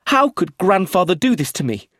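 Man doing a shrill, distraught young man. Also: sing-song, normal speed, no echo, clean studio sound, full character voice. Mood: anguished. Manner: high, shouting, voice shaking.

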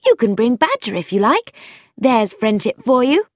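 A confident upper-class young woman, read by a woman narrator, brisk and firm with a teasing edge and an animated rise and fall. Close, dry recording. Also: on the high side, dry recording, pitched above the performer's own voice.

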